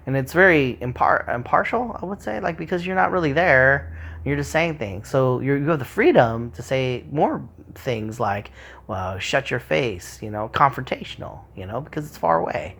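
A man's voice: mid-range voice, animated, moderate pace, creaky, a bit bright. A man talking in a loose, rambling monologue, swearing freely and acting out quoted remarks.

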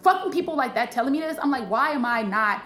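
A woman comedian from Illinois, telling a story in animated, profane casual chat. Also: high-pitched, fast talker, reverberant, a little hiss or hum. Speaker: comedian guest.

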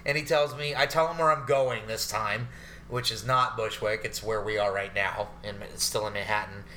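A man co-hosting a podcast, telling stories in a loose, profane, animated way. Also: fairly low pitch, moderate pace, slight background noise. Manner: profane, animated ranting storyteller. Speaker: podcast co-host. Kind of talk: casual chat. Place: New York.

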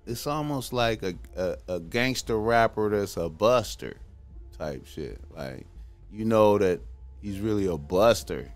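Low-voiced guy rambling in slang, swings his pitch all over, faint music under him. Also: expressive, unhurried. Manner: loose, rambling, profane slang. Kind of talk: casual chat.

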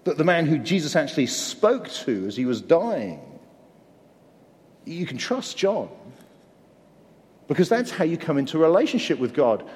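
A man's voice: on the high side, sing-song, moderate pace, pauses often, a little mellow. An English man preaching a sermon, earnest and conversational, with self-deprecating humor. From England. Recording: long hall reverb.

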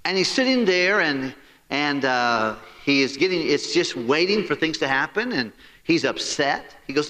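A man's voice: a little high, moderate pace, in a large hall. A man preaching a storytelling sermon, folksy and joking, acting out the story's dialogue. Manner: animated, acts out the dialogue of the story.

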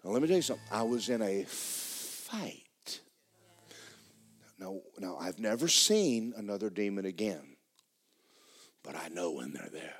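Male pastor, lowish voice, sermon, swings from loud to hushed. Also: measured pace, long pauses, slightly rough. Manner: swings from loud excited storytelling to low hushed tones. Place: church sanctuary.

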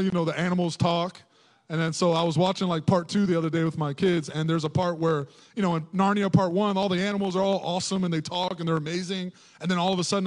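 A middle-aged man preaching a sermon as pastor, animated and joking, acting out little voices and laughing as he goes. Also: high voice.

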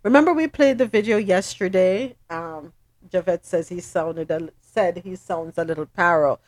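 A woman's voice: lowish voice, moderate pace. A woman hosting a news recap show, reading headlines and then commenting in a chatty way. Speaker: host.

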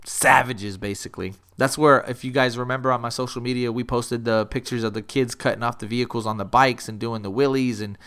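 A man's voice: mid-range voice, a little fast, few pauses, clean tone. A man from Texas telling a story in casual podcast chat, rambling and swearing, acting out other people's lines. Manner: rambling, profane, acts out quotes with rising excitement. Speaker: podcast co-host.

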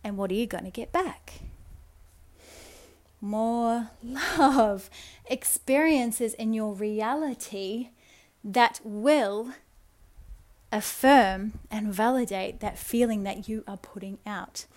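A woman hosting a spiritual self-help podcast, speaking in a soft, earnest, coaxing way and slowing down for affirmations. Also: a little high. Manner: addresses listener affectionately. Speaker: podcast host.

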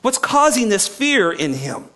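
A man preaching a sermon, reading scripture aloud and then explaining it with emphatic questions to his listeners, sometimes hushed and sometimes raised. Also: high-pitched, very animated, measured pace. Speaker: pastor.

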